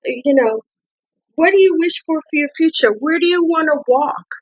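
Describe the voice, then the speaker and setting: She's a woman with a high-pitched, expressive voice, reading tarot casually at a moderate pace in a non-native English accent. The audio is muffled, and she repeats herself, restarts words, and poses coaxing questions.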